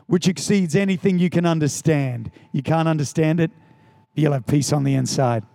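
A man preaching a sermon, animated and emphatic, with storytelling and repeated lines. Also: fairly high pitch, moderate pace, gravelly. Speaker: pastor.

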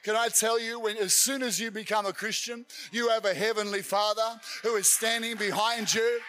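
A man preaching a sermon, telling stories with energy and building to fervent shouts. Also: high voice, steady tone, moderate pace. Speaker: pastor.

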